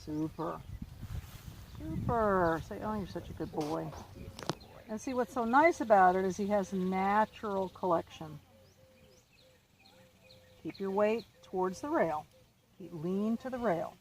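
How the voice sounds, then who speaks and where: A woman instructor talks a rider through an outdoor lesson, calm and encouraging. Her voice sits at a middle pitch. Faint outdoor sounds of birds and animals drift behind her. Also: measured pace, long pauses, slight background noise. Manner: calm, encouraging, reassuring coaching. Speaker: riding instructor. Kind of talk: outdoor riding lesson coaching. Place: outdoor riding arena.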